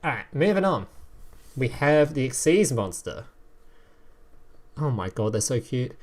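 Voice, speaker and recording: A man chatting on a live stream while reviewing game cards. His pitch swings up and down all the time, and he reads card text between casual, profane asides. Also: a little slow. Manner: animated, swearing, laughing, reading card text aloud.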